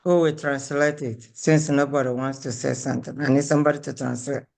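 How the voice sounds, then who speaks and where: A woman teaching an online language class, patiently repeating phrases slowly and calling on students by name. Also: very deep voice, fairly even intonation, vocal fry, darkish tone.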